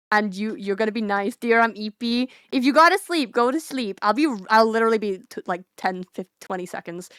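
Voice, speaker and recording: A young woman VTuber with a slightly high, fairly bright, clear, resonant voice talks briskly, with hardly any pauses. She chats bubbly and casually right to her live-stream viewers, giggling often, in clean studio sound with no room sound.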